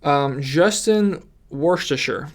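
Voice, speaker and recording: Animated rambling man talking fantasy football. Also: on the high side, slow. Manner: rambling, animated ranting with restarts. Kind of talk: casual commentary over a mock draft.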